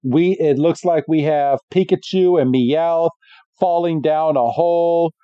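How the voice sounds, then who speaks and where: A man's voice: fairly high pitch, clear, resonant tone, dry recording. A man co-hosting a podcast, chatting casually and describing a preview he is watching for the first time. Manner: slow, laughs easily, narrates while watching. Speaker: podcast co-host. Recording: dull, dry lo-fi mic.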